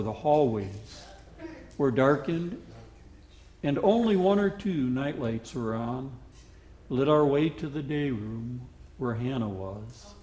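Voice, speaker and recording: A male pastor telling a story in a sermon, animated and dramatic. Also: mid-range voice, echoey room, a little hiss or hum.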